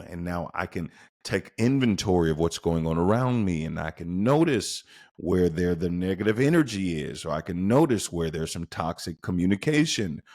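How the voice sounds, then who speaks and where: A man with a lowish voice talks through a motivational podcast episode, his pitch swinging widely as he leans on key words. He keeps putting questions straight to the listener. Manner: emphatic, with rhetorical questions to the listener. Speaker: podcast host.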